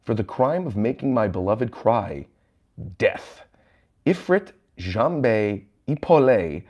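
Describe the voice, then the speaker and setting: A man's voice: mid-range voice, lively intonation, slow pace, highs cut off. A man reading the lines of a gallant, protective young male cook from a manga in his own plain voice. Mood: dramatic.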